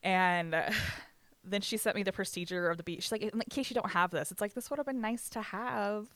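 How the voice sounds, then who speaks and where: A casual storyteller with a smooth, clear voice, recorded close and dry with no room sound. They swear freely and slip into other people's voices as they retell a story. The pitch sits mid-range. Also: a little fast, fairly bright tone, no room sound. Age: adult with ten years of banquet work. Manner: swears freely, acts out quoted dialogue, frequent laughs.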